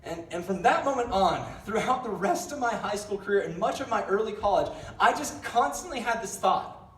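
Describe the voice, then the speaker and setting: A man's voice: high voice, animated, moderate pace, a bit bright, echoey room, recorded from a distance, a little hiss or hum. A young man giving a casual youth sermon, telling a rambling story with lots of fillers and self-deprecating jokes. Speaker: youth pastor. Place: large church hall.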